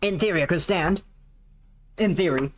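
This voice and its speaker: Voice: medium pitch, normal speed, a little hiss or hum. A streamer chatting casually while playing, rambling and self-mocking with plenty of swearing, seated at a laptop at home.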